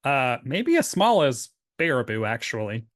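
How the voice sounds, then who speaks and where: Talking at a measured pace in a medium-pitched voice, a Tennessee man co-hosts a podcast that casually walks through an episode of an old sitcom. He's lively, laughs a lot and performs the quoted lines, and the recording is dry and studio quality.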